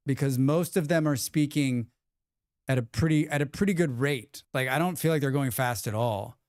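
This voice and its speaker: A man's voice: medium pitch, normal speed, a little mellow, no room sound, studio quality. A young man chatting casually on a live stream, rambling and reading chat messages aloud, now and then swearing. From United States.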